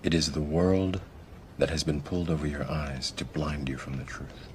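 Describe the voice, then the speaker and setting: An actor playing a calm male mentor who speaks slowly and solemnly, sometimes dropping to a hush. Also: a bass voice, very noisy. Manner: slow, solemn, hushed dips to near whisper. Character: grave, calm male mentor revealing hidden truth. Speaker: mentor figure in a film. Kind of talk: dramatic film dialogue. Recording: film clip with music behind.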